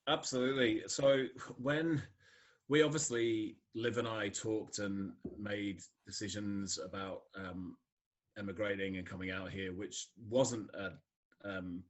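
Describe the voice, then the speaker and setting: Middle-aged man, Scottish-born, neutral English accent, somewhat low voice; relaxed chatty podcast guest, frequent laughs and fillers. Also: measured pace. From Scotland. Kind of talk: casual conversation.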